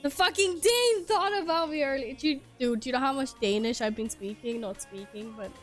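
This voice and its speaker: A woman's voice: high voice, fairly quick, faint music behind. A woman from Sweden, chatting casually on stream through a headset, swearing and laughing often. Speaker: game streamer.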